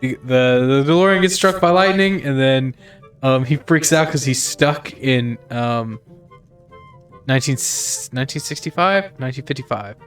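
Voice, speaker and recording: A young man hosting a let's play in casual gaming chat, an animated storyteller who swears casually. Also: mid-range voice, moderate pace, soft background music.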